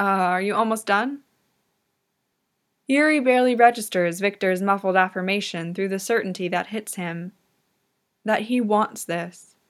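A woman reader narrating a fan audiobook in a calm, measured storytelling manner. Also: mid-range voice.

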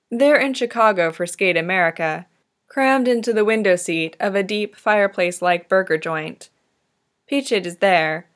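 A woman narrating a fan-fiction story in a gentle, tender manner. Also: medium pitch, normal speed.

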